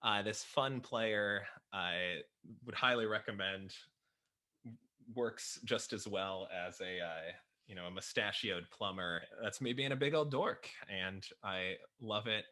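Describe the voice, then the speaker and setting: Man, lowish bright voice, chatty, laughs a lot, pokes fun at himself. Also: takes it slowly. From Chicago. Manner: enthusiastic, self-deprecating, laughs often. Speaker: writer and podcaster, guest. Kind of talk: casual chat showing off jerseys.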